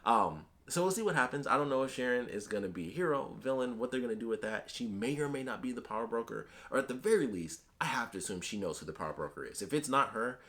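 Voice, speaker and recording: Male reviewer, casual and rambly, quick delivery full of fillers. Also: medium pitch, lively intonation, a bit bright. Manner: rambling, many fillers and restarts. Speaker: TV episode reviewer.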